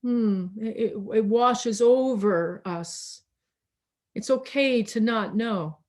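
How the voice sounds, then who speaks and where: A woman pastor giving a slow, reflective sermon over a video call, repeating words and pausing for emphasis, a little tired. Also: a little high, darkish tone.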